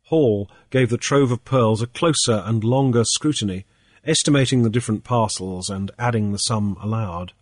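A man reading a story aloud as narrator in a measured, steady way. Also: on the low side, dry recording, clean studio sound. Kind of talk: audiobook narration.

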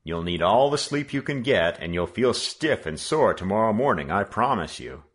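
Guy reading, doing a kind dad voice, deep, gently bossy. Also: big pitch swings, moderate pace. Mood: kindly. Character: kindly middle-aged father, understanding.

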